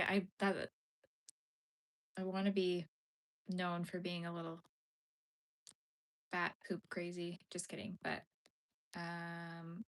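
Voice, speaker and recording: On a live stream, a young adult woman with a lowish voice chats casually while she crochets. She responds to viewer comments and murmurs to herself as she works.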